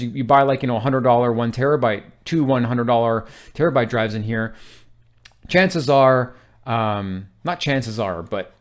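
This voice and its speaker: A man explains a technical topic in a relaxed, off-the-cuff way. He rambles, cracks jokes and adds little sound effects as he sketches his points. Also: medium pitch. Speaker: IT tech explainer. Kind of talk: casual whiteboard tutorial.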